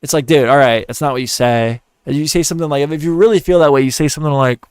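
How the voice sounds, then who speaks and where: A man's voice: fairly high pitch, fast, hardly any pauses, darkish tone, clear, resonant tone, no room sound, studio quality. A man hosting a livestream, telling stories and giving blunt advice in a rambling, profane, offhand way. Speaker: livestream host. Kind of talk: casual livestream chat.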